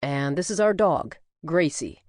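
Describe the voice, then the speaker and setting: A woman's voice: low-pitched, animated, a little slow, a little mellow, dry recording, clean studio sound. Woman voicing a courteous detective husband. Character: calm man, a police detective and husband.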